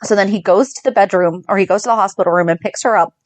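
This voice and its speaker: A Northeastern US woman in her thirties co-hosts a podcast, casually recapping a soap opera at a fast clip. A chatty storyteller with a mid-range voice, she acts out the lines and laughs often, and there's no echo.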